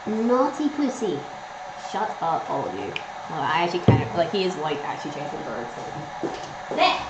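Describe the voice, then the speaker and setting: In a noisy, echoing home kitchen, a young livestreamer chats casually with her viewers, cursing freely and finding things funny. She speaks in a low, very animated voice at a moderate pace.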